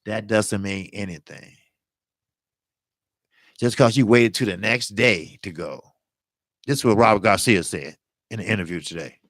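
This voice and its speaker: A man's voice: lowish voice, a little slow, pauses often, fairly bright tone, dry recording. A man hosting a boxing channel, talking casually on a live stream in an earnest, blunt way and repeating himself for emphasis.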